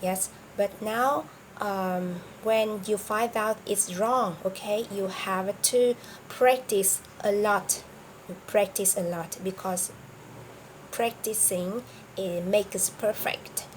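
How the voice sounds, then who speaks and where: Slow-talking woman with a Vietnamese accent. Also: medium pitch, fairly even intonation, a little hiss or hum, poor audio. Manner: hesitant, many fillers and restarts. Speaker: English teacher. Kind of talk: recorded vocabulary lesson.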